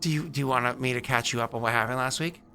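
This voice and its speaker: Over background music, a tabletop game stream host talks fast in a mid-range voice during casual pre-game chat. His talk meanders, packed with fillers and false starts.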